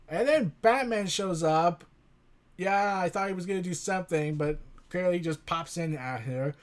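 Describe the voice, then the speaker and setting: Excitable high-voiced man recapping comics. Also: moderate pace. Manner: rambling, filler-heavy, excitable. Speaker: comic book reviewer.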